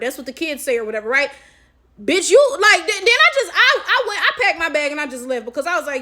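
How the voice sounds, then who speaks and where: A woman with a high, light voice tells a story to her viewers in casual vlog style. She talks with emphasis and swears freely. She keeps checking in with her audience with a quick "right?". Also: very animated, bright, forceful tone. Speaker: chess coach and vlogger.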